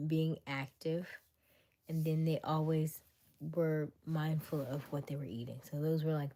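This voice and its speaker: Low-voiced woman telling stories animatedly. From Florida. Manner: animated, acts out quotes with sudden high squeals; chatty with frequent fillers and restarts. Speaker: livestream host. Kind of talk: casual storytelling on a livestream.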